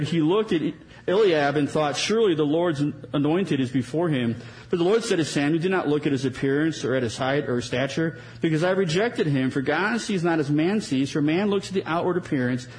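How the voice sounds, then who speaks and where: Pastor, male, higher than average voice; earnest conversational sermon with wry asides. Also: darkish tone, rough recording. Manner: earnest, with wry sarcasm and small repeats.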